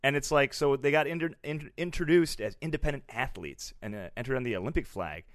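A man's voice: medium pitch, fairly quick, dry recording, studio quality. A man hosting a comedy news podcast, reading headlines and riffing with jokes. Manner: animated, jokey, puts on mock accents.

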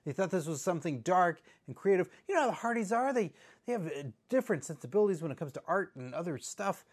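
Brief: nervous male host, stammers and placates, pitch jumping all over. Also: very animated, quick pace, slightly rough. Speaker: show host. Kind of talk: comedy sketch interview.

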